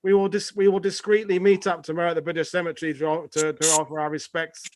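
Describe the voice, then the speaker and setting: High-voiced man hosting a live chat. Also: flat delivery, quick pace, darkish tone, a little hiss or hum. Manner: rambling, jokey, swears casually. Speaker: host of a live history chat show. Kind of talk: casual panel chat on a live stream.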